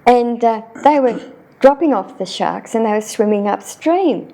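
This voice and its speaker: An Australian woman telling childhood stories in a relaxed interview, lifting her voice when quoting her younger self. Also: a little high, unhurried. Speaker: interview guest. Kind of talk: storytelling in casual conversation.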